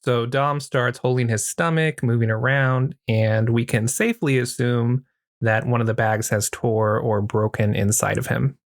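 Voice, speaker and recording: A man casually recapping a horror film as a podcast host, joking and crude, tossing in quick put-on voices. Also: mid-range voice, fairly even intonation, no echo, clean studio sound. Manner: crude, joking retelling with acted quotes.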